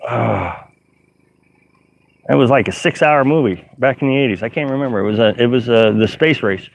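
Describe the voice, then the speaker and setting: A man's voice: mid-range voice, normal speed, creaky, no room sound. A middle-aged man hosting a casual live stream from his camper, reading viewer comments aloud, rambling and laughing often. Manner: rambling, laughs often, many fillers and restarts. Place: inside a camper. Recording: dull, lo-fi live-stream audio.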